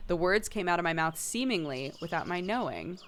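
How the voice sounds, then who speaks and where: Low-voiced woman streamer reading a game aloud. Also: lively intonation, brisk, slight background noise. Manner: playful, laughing asides.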